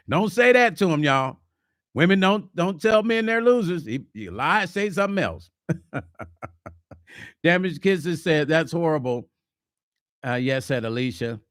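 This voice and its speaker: A man hosting a casual livestream vlog, reading viewer comments and talking relationships in a chatty, animated way. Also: mid-range voice, dry recording, clean studio sound. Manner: chatty, animated, slips into mock quotes. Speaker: vlog host.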